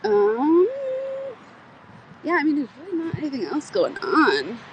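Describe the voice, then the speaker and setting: A woman's voice: high-pitched, very animated, unhurried. Woman streaming from a garden on her phone, chatty and loose, bit of outdoor noise. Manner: laughing, rambling, swears casually. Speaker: livestreamer. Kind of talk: casual livestream chat.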